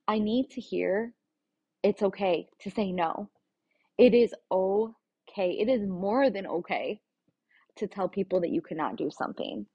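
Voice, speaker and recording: Woman talking straight to you, kinda husky breathy voice, swears a bit, dull lo-fi sound. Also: medium pitch. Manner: frank, confessional, casual swearing. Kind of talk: candid personal monologue. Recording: dull lo-fi recording.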